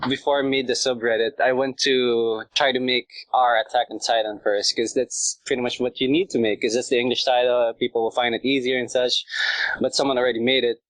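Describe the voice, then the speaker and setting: A man's voice: medium pitch, flat delivery, brisk, fairly bright tone, no room sound, low-quality recording. A man chatting as a podcast guest, rambling with lots of fillers and laughter. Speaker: podcast guest, subreddit creator. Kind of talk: casual chat.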